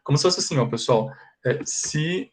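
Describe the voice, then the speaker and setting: With a Brazilian Portuguese accent and a slightly high, expressive voice, this man gives an online English class, repeating words slowly so students can practice pronunciation. He frequently asks "ok?", and there's a little hiss or hum in the audio.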